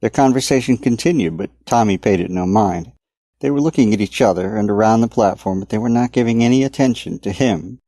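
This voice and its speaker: A man reading his own dark story aloud in a measured audiobook narration. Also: fairly low pitch, dry recording. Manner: steady, measured dramatic reading.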